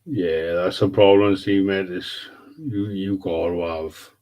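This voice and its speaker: A man's voice: low voice, fairly even intonation, takes it slowly, dark tone, rough recording. A man hosting a casual livestream, chatting laid-back with viewers, swearing freely and calling them mate and bud. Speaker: livestream host. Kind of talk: casual live chat with viewers.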